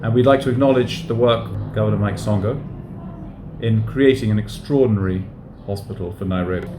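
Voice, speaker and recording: A man giving a visitor's formal remarks in measured, effusive phrases. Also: lowish voice. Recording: echoey room with loud noise.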